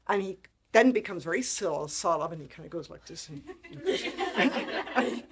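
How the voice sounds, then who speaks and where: A woman in her sixties, a make-up artist speaking as a guest, telling lively anecdotes and acting out the people she quotes. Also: mid-range voice, normal speed, a crowd in the background. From Ireland. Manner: animated anecdotes, frequent laughter, acts out quoted people. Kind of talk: storytelling interview talk.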